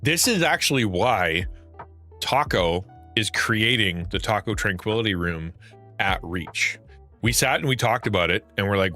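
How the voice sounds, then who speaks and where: A man's voice: lowish voice, normal speed, soft background music. A middle-aged man streaming, talking casually and acting out anxious thoughts with frequent laughs. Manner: animated, acts out anxious inner thoughts, laughs often. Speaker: streamer and Christian content creator. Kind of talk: casual livestream talk.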